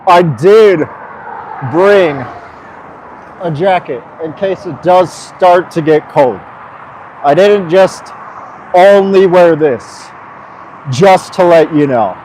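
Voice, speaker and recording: A man's voice: high-pitched, slow pace, pauses often, a little mellow, low-quality recording. A young man live-streaming as he walks outdoors along a busy road, talking to his chat in a hyper, swearing, joking way. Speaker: vlogger streaming a long walk. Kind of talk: casual live-stream chat while walking. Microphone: streaming mic carried while walking. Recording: faint street traffic noise. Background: traffic noise.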